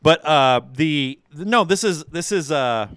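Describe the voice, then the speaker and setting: A man's voice: fairly high pitch, expressive, slow, a bit bright, clear, resonant tone, no room sound, studio quality. A man chatting casually on a podcast, correcting friends and often restarting his sentences. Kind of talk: casual chat.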